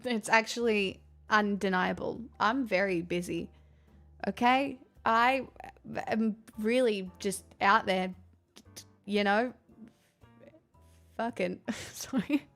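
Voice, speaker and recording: A woman's voice: mid-range voice, slow pace, pauses often, fairly bright tone, faint music behind. A young woman streamer chatting casually and candidly with viewers, rambling and swearing freely. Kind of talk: casual chat answering viewer questions.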